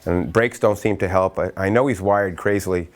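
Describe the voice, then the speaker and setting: With a low voice, a middle-aged presenter from Massachusetts delivers a spirited training session for educators. He spins stories quickly, keeps interrupting himself, dramatizes quotes, and now and then starts chanting.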